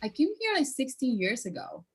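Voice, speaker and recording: A woman in her forties, speaking English with a Spanish accent in a casual interview, animated and laughing often as she acts out quoted lines. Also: fairly high pitch, moderate pace. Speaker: guest actress.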